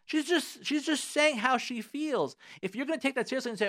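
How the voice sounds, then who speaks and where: A man's voice: very high voice, normal speed, hardly any pauses, a bit bright. A man hosting a radio advice show from a studio, talking emphatically, repeating his key phrases and mixing Hebrew prayer words into his English. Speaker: radio show host giving relationship advice.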